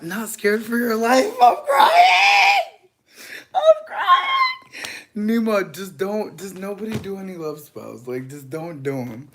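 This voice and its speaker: A woman's voice: deep voice, background noise. A young woman hosting a casual late-night livestream, rambling and giggly, talking straight to her viewers with lots of "like" and "um". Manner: giggly, swings between loud laughing outbursts and hushed whispers. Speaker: livestream host.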